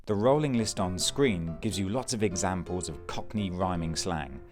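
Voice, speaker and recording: Low male narrator, even and informative, for a scripted explainer. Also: moderate pace, over music.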